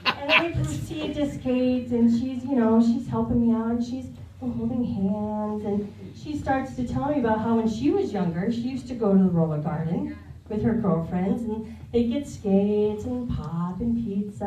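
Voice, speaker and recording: A woman's voice: a little high, a little mellow, echoey room, recorded from a distance, slight background noise, rough recording. A woman in her thirties doing a stand-up set on a comedy club stage, telling a rambling, confessional story. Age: 30s.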